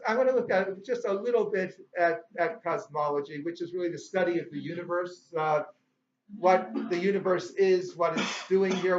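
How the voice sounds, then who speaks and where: A man's voice: a little high, a little hiss or hum. Jovial man lecturing in an echoey hall. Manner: jovial, anecdotal, talks to the audience. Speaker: guest speaker. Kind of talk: lecture with humorous storytelling. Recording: echoey hall, dull lo-fi sound.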